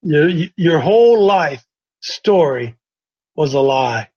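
Brief: defiant sermon voice, repeats lines, breathy texture, muffled recording. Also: medium pitch, expressive, takes it slowly. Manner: mocking, blunt, repeats points. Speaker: preacher. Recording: dull lo-fi recording.

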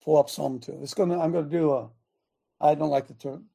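A man's voice: on the high side, fairly even intonation, a little fast, vocal fry, breathy edge. A middle-aged man hosting a radio show, teaching from the Bible in a chatty, emphatic sermon style, talking straight to his listeners and producer. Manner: emphatic, rising to near shouts when quoting scripture. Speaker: radio show host and preacher.

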